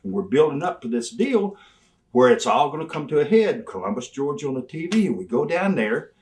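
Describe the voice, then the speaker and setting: An older man appears as a guest in a storytelling interview, recounting wrestling tales and loudly acting out old exchanges with animated gusto. His voice runs on the high side and brisk, recorded from a distance.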